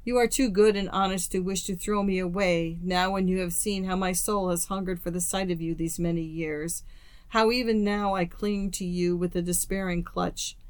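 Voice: medium pitch, fairly even intonation, moderate pace, smooth, no room sound, natural voice. A storyteller reading the lines of a young woman in a storybook, tearful and resigned, spoken mournfully.

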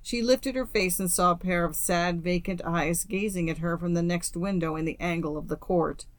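A woman reading a classic story aloud as an audiobook narrator, in a steady, measured way. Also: on the low side, dry recording. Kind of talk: scripted narration.

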